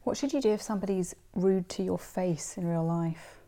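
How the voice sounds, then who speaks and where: A woman's voice: on the low side, normal speed, dark tone. Woman host asking short questions. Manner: brief questions and affirmations. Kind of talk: interview questions.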